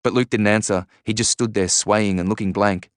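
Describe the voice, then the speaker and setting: Low, resonant male narrator reading fiction steadily; dry studio sound. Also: fairly even intonation, moderate pace, no room sound. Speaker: audiobook narrator. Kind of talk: first-person novel narration.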